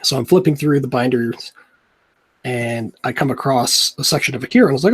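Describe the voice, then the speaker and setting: A man's voice: mid-range voice, a little fast, breathy edge. A young man, a comic artist, chatting in a rambling, laid-back way while he draws at home. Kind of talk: casual chat while drawing.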